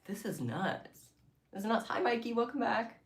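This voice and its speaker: Chatting with viewers as they make beaded bracelets, a livestreamer keeps things playful and giggly, with lots of self-deprecating banter. Their voice is medium-pitched and expressive, at a moderate pace.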